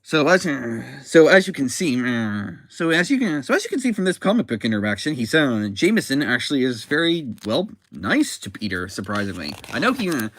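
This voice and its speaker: A man casually reviewing a comic book, talking in a halting way with frequent restarts and self-corrections. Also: mid-range voice, big pitch swings, a bit bright, no echo.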